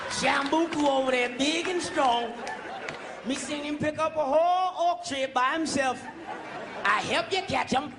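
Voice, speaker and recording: A man's voice: high voice, fairly even intonation, slow, vocal fry, long pauses, crowd noise, background noise, pitched below the performer's own voice, heavily acted. A comedian playing a scrawny African man who pleads in broken English that he is not worth taking. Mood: pleading. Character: bony male African captive talking himself down.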